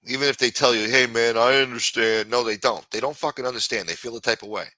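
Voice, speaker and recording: A male livestream host ranting in a profane, exasperated way. His voice is bright and forceful. It is recorded dry, with no room sound. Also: medium pitch, quick pace, dry recording.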